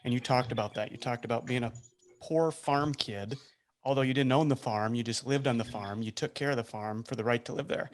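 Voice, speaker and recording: A man's voice: mid-range voice, fairly quick, a little hiss or hum. A man hosting a podcast interview, speaking reflectively and restarting his sentences often. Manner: reflective, with frequent ums and restarts. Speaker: podcast host. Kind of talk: interview conversation.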